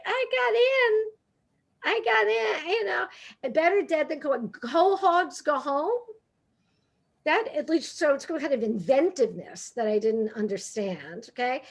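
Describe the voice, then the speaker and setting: A woman in her sixties from Brooklyn, giving a funny talk full of stories and brash, quick comebacks. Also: sits high. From Brooklyn, New York. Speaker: guest speaker. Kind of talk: humorous storytelling talk.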